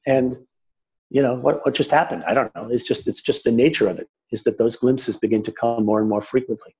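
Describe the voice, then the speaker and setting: A man speaking as a spiritual teacher in a reflective conversation, gentle and searching, often restarting his sentences. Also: medium pitch, fairly even intonation, a little fast, slightly rough. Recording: dull lo-fi sound.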